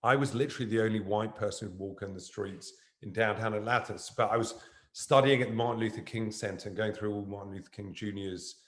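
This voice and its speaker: A man with a lowish voice talks quickly in an echoey university event room. He's a guest actor on stage, animatedly telling a rambling anecdote that keeps jumping around.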